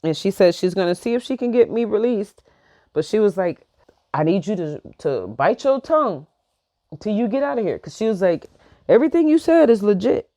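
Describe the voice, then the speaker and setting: A young woman vlogging, telling a personal story in a heated, animated way and acting out both sides of each exchange. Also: medium pitch, normal speed, dry recording, studio quality. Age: young adult. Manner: heated, animated retelling with quoted back-and-forth. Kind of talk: casual storytelling.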